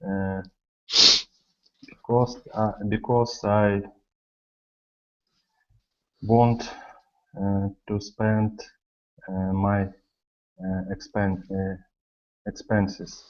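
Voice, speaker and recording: A man learning English who speaks haltingly, searching for words and restarting often. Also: fairly low pitch, flat delivery, dark tone, muffled recording. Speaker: language student.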